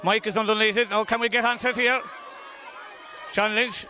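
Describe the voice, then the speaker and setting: An Irish man calls a hurling final live from an outdoor pitch, cheering his own club on as he goes. His voice is high and bright, often tipping into shouts. A faint crowd and outdoor noise sit behind him. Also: moderate pace. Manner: excitable, shouting, openly partisan. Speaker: partisan club commentator. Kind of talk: live hurling match commentary. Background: crowd and outdoor ambience.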